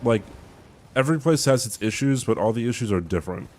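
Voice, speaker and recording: A man's voice: mid-range voice, lively intonation, fast, darkish tone, a little hiss or hum. A man streaming a game, chatting casually with his viewers in a rambling way, swearing and laughing as he reads the chat.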